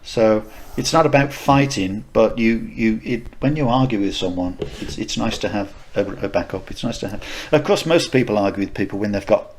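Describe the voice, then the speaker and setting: Animated man telling a story. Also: fairly low pitch, brisk, hardly any pauses, slight background noise. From United Kingdom. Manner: animated storyteller, laughs often, stammers on restarts. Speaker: podcast co-host, martial arts instructor. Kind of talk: casual anecdotal chat.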